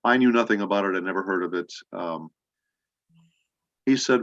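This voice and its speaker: Low-voiced man telling rambling anecdotes. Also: fairly bright tone, no room sound. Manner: rambling anecdotes with many pauses. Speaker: voice actor guest. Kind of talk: casual interview storytelling. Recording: dull lo-fi audio.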